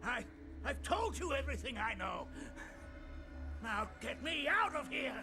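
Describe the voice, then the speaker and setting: A trapped man in a video game who begs desperately to be freed. Coughing fits break into his very high-pitched, slow speech, and music plays clearly behind him. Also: big pitch swings, full character voice.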